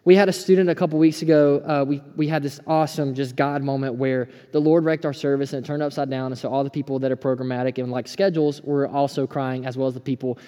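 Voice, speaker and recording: A man in his thirties preaching a sermon as pastor, earnest and urgent, dropping to a hush and then rising fired-up. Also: medium pitch, steady tone, fast talker, hardly any pauses. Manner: earnest, swings between hushed and fired-up. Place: church sanctuary. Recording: preaching in a hall with long reverb.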